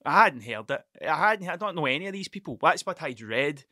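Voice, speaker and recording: A man's voice: a little high, lively intonation, a little fast, bright, forceful tone, no room sound, clean studio sound. A man hosting a podcast, rambling through a casual monologue, swearing freely and stumbling over his words. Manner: rambling, sweary, stuttering storyteller. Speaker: podcast host.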